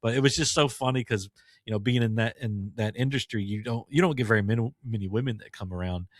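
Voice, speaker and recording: A man's voice: lowish voice, fast, no echo, clean studio sound. Laughing man telling stories. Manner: laid-back storyteller, laughs a lot. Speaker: podcast co-host. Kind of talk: casual chat.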